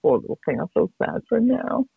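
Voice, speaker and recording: A woman's voice: mid-range voice, big pitch swings, fast talker, vocal fry, breathy edge, no room sound. A middle-aged woman in casual chat, candid and rambling, swearing freely. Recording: dry tinny phone-like sound.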